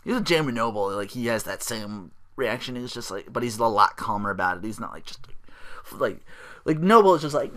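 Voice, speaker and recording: A man's voice: medium pitch, animated, brisk, fairly bright tone. A man hosting a solo podcast, rambling casually with lots of fillers and restarts. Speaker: podcast host.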